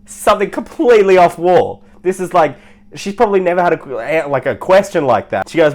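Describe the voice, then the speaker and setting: A man who coaches people on their social life, telling stories in a casual, animated way, laughing and swearing as he goes. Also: fairly high pitch, normal speed. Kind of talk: casual storytelling monologue.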